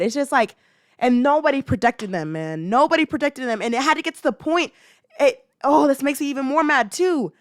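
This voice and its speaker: This podcast host, a young woman with a high voice, runs a laid-back commentary show but gets fired up, hammering points through repetition and slang. The recording is close and dry, with no sense of a room.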